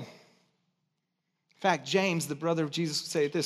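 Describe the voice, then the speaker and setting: High-voiced man preaching with sweeping intensity. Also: animated. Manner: impassioned preaching, swinging from loud and high to hushed and low; repeats phrases for emphasis, draws drawn-out quotes. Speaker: pastor. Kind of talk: sermon.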